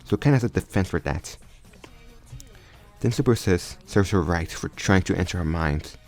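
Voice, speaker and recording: A man's voice: deep voice, animated, normal speed, darkish tone. A man casually improvising a story aloud, often stumbling and restarting his sentences. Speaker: storyteller retelling a fan crossover story. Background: faint background music.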